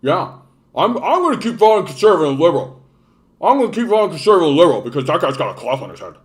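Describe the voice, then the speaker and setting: A man's voice: a little high, very animated, racing, pitched above the performer's own voice. A man mocking a dim, suspicious voter. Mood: puzzled.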